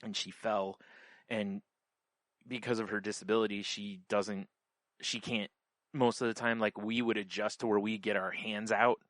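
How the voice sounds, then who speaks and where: Low-voiced man telling a rambling story. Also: a bit bright, no echo. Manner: rambling storyteller, many fillers and restarts. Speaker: podcast co-host. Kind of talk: casual chat.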